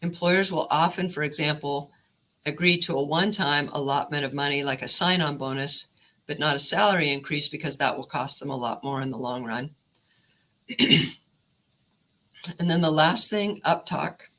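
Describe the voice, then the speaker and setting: Woman career counselor, presenter, bright tense tone, even instructive delivery. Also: low voice, normal speed, poor audio.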